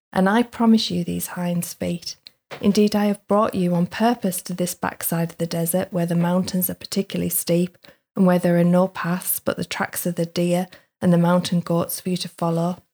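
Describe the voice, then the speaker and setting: Kind male shepherd, cheerful, reassuring, creaky low tone, read by a woman. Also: level tone, moderate pace, dark tone. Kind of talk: reading a book passage aloud.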